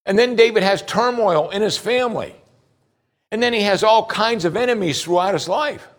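A man preaching a sermon, rising loud on high points and dropping low and slow for scripture, asking listeners direct questions. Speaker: pastor.

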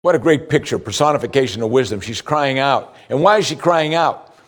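A man delivering a sermon from the pulpit in an earnest preaching manner. He poses rhetorical questions to his listeners, lifting his voice to stress a point and slowing down on the lines that matter. His pitch sits in an ordinary middle range for a man. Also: animated. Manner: rises in pitch for emphasis, slows for key points. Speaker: pastor.

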